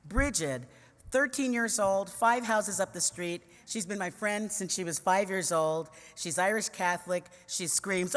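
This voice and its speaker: Speaking a little slowly in a mid-range voice, a woman in her fifties from New York City, a commentator and conference speaker, shares a comic personal tale. Witty and conversational, she throws in playful remarks to the audience, and the large hall leaves a long reverb.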